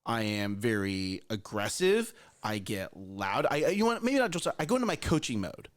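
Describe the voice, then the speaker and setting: A man in his thirties telling a parenting story on a morning show. His pitch swings up and down as he talks, and he restarts his sentences often. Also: normal speed. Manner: animated storyteller with frequent restarts.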